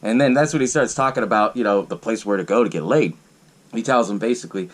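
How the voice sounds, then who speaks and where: A man hosting a podcast, casually recapping a film in a profane, animated way and acting out the characters' lines. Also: fairly low pitch, fast. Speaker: podcast host.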